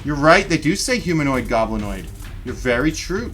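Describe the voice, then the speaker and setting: A man narrating a livestreamed tabletop battle as game master, in an animated, chatty way, talking directly to his viewers. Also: a little high, moderate pace, pauses often, faint music behind.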